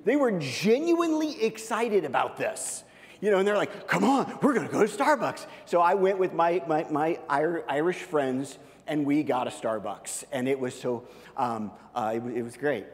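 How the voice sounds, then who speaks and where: A man in his thirties preaching a sermon, telling a personal story with lively, animated voice jumps. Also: fairly high pitch, moderate pace. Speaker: pastor. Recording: long hall reverb.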